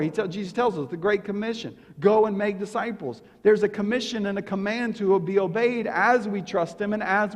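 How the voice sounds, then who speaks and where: A male pastor delivers his sermon in a notably high voice that rings through a church with a long, lingering reverb. He tells the story with animated energy and voices the crowd's lines. At other moments he drops to a hushed, intense tone. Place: church sanctuary.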